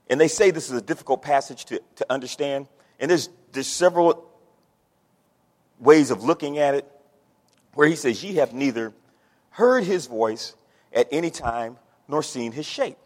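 A man's voice: a little high, a little mellow. A man preaching a sermon as pastor, folksy, with homespun stories and plain everyday sayings. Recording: long hall reverb.

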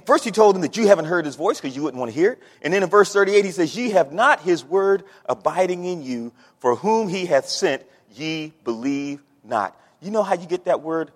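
A male pastor preaches in a folksy, storytelling way, weaving homespun asides into his sermon. His voice sits a little high for a man. The sound carries a long hall reverb, as from a church sanctuary. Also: slightly rough.

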